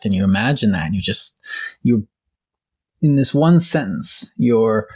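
A man's voice: fairly low pitch, lively intonation, unhurried, a little mellow, husky. A man co-hosting a casual discussion podcast, rambling enthusiastically and often correcting himself. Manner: rambling, self-correcting, enthusiastic about literature. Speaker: podcast co-host.

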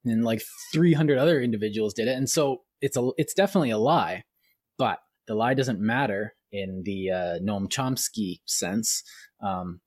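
A Canadian man in casual chat, telling animated stories, acting out quoted voices and laughing often. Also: lowish voice, normal speed, no room sound, clean studio sound.

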